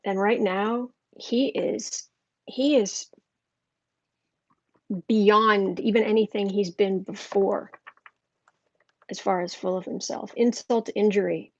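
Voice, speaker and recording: Woman reading tarot cards live, rambly chatty talk, husky voice, kinda muffled sound. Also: medium pitch, fairly even intonation, takes it slowly, pauses often. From United States. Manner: chatty, thinking aloud with restarts. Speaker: tarot reader.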